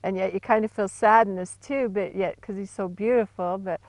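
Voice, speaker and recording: Excited middle-aged woman, gushing. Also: mid-range voice, moderate pace, no room sound. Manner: excited, gushing, laughs easily. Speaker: interviewed hunter. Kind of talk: casual interview.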